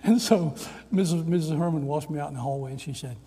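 An older man preaches a sermon built on personal stories, now and then acting out the voices of the people in them. His voice is mellow and a little husky, sitting slightly high for a man. The sound carries the long reverb of a large hall. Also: quick pace. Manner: animated storyteller, acts out quoted voices. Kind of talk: storytelling sermon.

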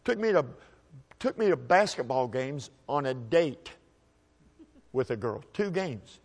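A man at a microphone tells an audience a personal story in a plain, folksy way. His voice sits at an ordinary middle pitch for a man. He often stumbles and repeats a word before pressing on. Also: lively intonation. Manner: folksy, halting, repeats words while restarting. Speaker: speaker telling a personal story.

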